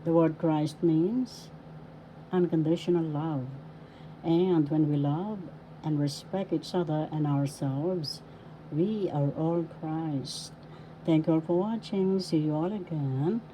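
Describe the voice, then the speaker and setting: A woman teaches pronunciation in a low, mellow voice, taking her time. She is deliberate, breaking each word into its syllables and saying it several times. A faint background noise sits under her voice. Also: rough recording. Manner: deliberate, spells words out syllable by syllable and repeats them. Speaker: language teacher. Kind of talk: slow pronunciation lesson.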